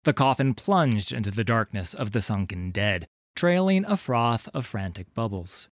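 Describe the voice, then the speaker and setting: Brief: lively, expressive male audiobook narrator, lowish voice, dry close sound. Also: dry recording. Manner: measured, expressive storytelling.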